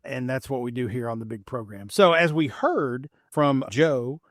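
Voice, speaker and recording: A middle-aged man from Appalachian Kentucky with a light Kentucky twang, hosting a podcast in a relaxed, rambling, self-deprecating way. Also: mid-range voice, normal speed, dry recording, studio quality. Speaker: podcast host. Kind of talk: casual podcast chat.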